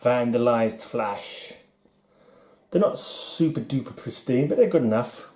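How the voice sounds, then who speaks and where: Rambling middle-aged British man, mellow. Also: mid-range voice, expressive, normal speed. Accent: British English. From United Kingdom. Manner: rambling, self-deprecating, chuckles often. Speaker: comic collector vlogger. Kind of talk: casual chat while flipping through comics.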